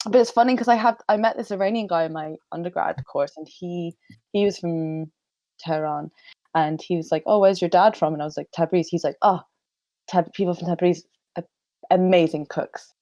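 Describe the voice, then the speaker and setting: Brief: young woman, slightly low voice, chatty podcast guest, laughs a lot, dry recording. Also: moderate pace, mellow, dry recording, dull audio. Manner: chatty, laughs often, quotes relatives in playful voices. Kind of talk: casual chat.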